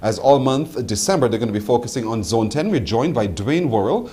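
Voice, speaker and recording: A man's voice: medium pitch, animated, brisk, mellow. A Barbadian man hosting a live morning TV and radio show, chatting playfully with a caller and laughing often. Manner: playful, laughs a lot, teasing.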